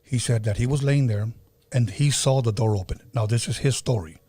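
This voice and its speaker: A man's voice: medium pitch, fairly quick, warm tone, slightly rough, no room sound. A man hosting a podcast, telling a story in an earnest, casual way and often repeating himself. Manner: earnest, repeats himself, acts out quoted voices. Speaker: podcast host.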